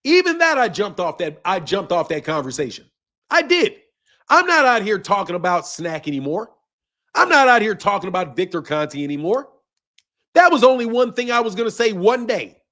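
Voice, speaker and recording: A man's voice: sits high, very animated, moderate pace, pushed and bright. A man hosting a boxing live stream, answering viewers' comments in a blunt, combative, profane way and laughing often. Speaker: boxing channel host.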